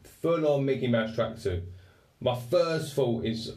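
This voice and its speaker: A man with an English accent speaks slowly in a medium pitch, his intonation lively and a little mellow. He candidly shares a personal story with raw emotion and free swearing, captured distantly with roomy echo.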